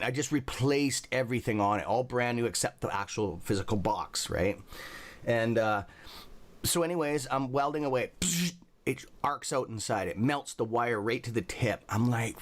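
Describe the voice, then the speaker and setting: A man's voice: lowish voice, moderate pace. A man hosting a livestream, telling rambling stories with a lot of profanity. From Canada. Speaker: livestream host. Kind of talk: casual livestream chat.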